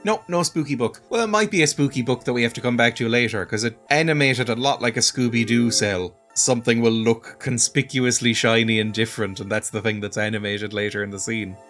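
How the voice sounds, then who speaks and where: A man talks through a video game in a dry, sardonic way, chuckling at it often. His voice sits at an ordinary middle pitch, and faint music plays behind him. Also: brisk, hardly any pauses, a bit bright. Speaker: let's play host. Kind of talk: game commentary.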